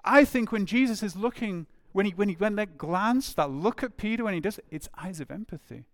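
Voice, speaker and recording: Male preacher, slightly high voice, chatty sermon delivery with questions to the room. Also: expressive, brisk, dry recording. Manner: conversational, asks the listeners questions, voices imagined speakers.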